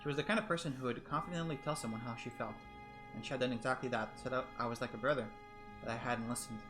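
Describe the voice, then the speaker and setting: A man reading a visual novel aloud in a soft, reflective voice, breaking off for chatty asides. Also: mid-range voice, fairly even intonation, fast talker, over music. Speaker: let's play host.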